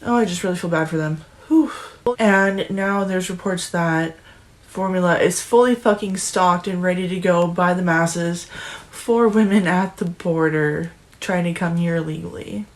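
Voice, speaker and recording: A woman's voice: fairly low pitch, measured pace. Young woman vlogger, foul-mouthed and tearful, ranting hard. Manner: profane, emotional, ranting, restarts often. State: near tears. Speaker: political commentary vlogger. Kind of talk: angry political rant vlog.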